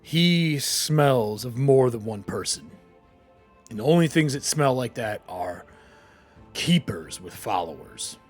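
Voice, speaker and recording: A man voicing a suspicious companion who judges people by smell, speaking slowly, quietly and bluntly. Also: mid-range voice, expressive, faint music behind, pitched below the performer's own voice.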